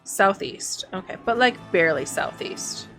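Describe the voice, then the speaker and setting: A woman's voice: mid-range voice, animated, a little slow, sharp tone, soft background music. Chatty woman streamer thinking aloud. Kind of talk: let's-play commentary.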